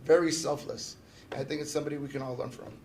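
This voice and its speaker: A man's voice: mid-range voice, steady tone, quick pace, gravelly, darkish tone, a little hiss or hum. A man giving a casual memorial tribute to a friend, telling joking anecdotes and often checking in with his listeners. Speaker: fraternal organization member giving a memorial tribute. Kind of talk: personal memorial remarks. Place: memorial gathering at a funeral home.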